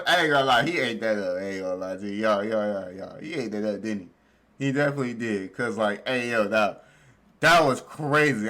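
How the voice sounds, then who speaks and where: A man streaming live, reacting to a video with animated, slangy commentary and frequent exclamations. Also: medium pitch.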